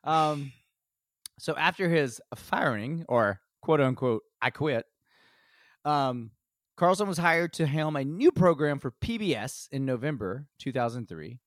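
A man's voice: a little high, expressive, unhurried, no echo, studio quality. A man co-hosting a comedy history podcast, reading out notes with profane jokes and asides. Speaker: podcast co-host presenting history. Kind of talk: casual comedic podcast chat.

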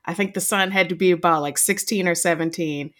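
A woman co-hosting a podcast, telling a story in a lively, casual way and giggling between words. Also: on the low side, fairly quick. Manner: animated storyteller, giggles mid-sentence. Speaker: podcast co-host.

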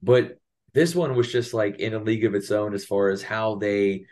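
A man's voice: on the low side, normal speed, a little mellow. A man appearing as a podcast guest, chatting casually and agreeing often in short replies. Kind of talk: casual chat.

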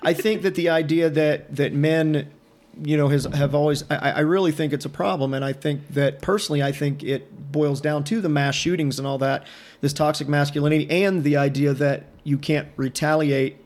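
A man's voice: a little high, fairly even intonation, normal speed, a little mellow. A man hosting a casual podcast, rambling with many restarts and crude jokes.

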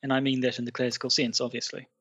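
Husky man hosting a podcast. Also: medium pitch, monotone, very fast, a bit bright, dry recording, dull audio. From Britain. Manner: playful, teasing, rambling. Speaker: podcast host. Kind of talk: casual podcast chat.

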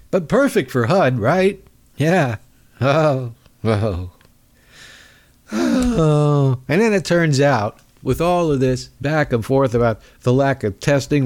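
A man's voice: medium pitch, darkish tone. A man hosting a podcast, delivering a sarcastic, mocking comedic political monologue. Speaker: podcast host.

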